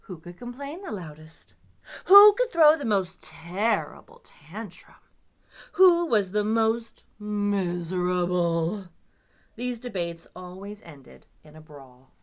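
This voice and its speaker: A woman librarian reading a picture book aloud to children with expressive, dramatic storytelling. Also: mid-range voice, slow.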